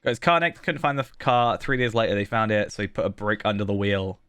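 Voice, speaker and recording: A southern British man in casual live-stream chat, rambling along and chuckling at himself as he answers viewers. His voice sits a little low but comes across bright and forward. The sound is dry and close, with faint music behind him. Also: animated, a little fast, smooth, dry recording. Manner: rambling, chuckling often, self-deprecating. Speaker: game streamer.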